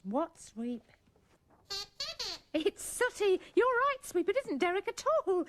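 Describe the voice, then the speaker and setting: A woman's voice: very high voice, sing-song, slow pace. A woman presenting a children's show, cheerfully coaxing puppets and telling corny jokes. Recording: loud tape hiss from old VHS.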